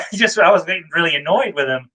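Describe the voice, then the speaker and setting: A man's voice: high voice, expressive, fast, sharp tone, poor audio. A man telling a rambling, self-deprecating story in a casual chat, over a video call. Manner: rambling, many fillers and restarts, self-deprecating. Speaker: guest.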